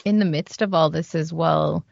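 Gravelly, low-voiced woman interviewer. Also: fairly even intonation, moderate pace, a little mellow, no room sound, dull audio. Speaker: interview co-host. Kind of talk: interview questions.

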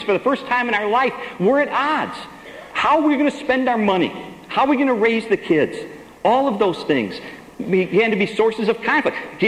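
A man's voice: very high-pitched, fairly bright tone, roomy sound, in a large hall, slight background noise, poor audio. A man giving a sermon testimony, telling his story with emphasis and acting out the lines he quotes.

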